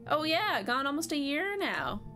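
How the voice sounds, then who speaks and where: Lady reading as a chirpy mom cat, kinda high and homey, faint game music behind. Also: big pitch swings, measured pace, pushed and bright, exaggerated voice. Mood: cheerful.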